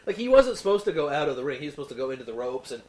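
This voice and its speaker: A man's voice: medium pitch, very animated, rapid-fire, a little mellow, a little hiss or hum, rough recording. A man co-hosting a podcast in casual chat, rambling with many fillers and restarts. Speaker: podcast co-host.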